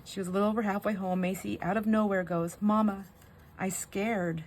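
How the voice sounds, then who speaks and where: A woman's voice: medium pitch, steady tone, quick pace, darkish tone, a little hiss or hum. An older woman chatting casually to her viewers while she crafts, rambling, sidetracked and emotional. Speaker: crafting vlogger.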